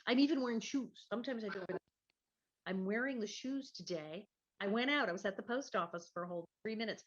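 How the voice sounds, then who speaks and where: A woman's voice: mid-range voice, a little fast, muffled recording. A woman comedian in a casual chat from her living room, chatty and self-mocking, often restarting her sentences. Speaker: guest, actor and comedian.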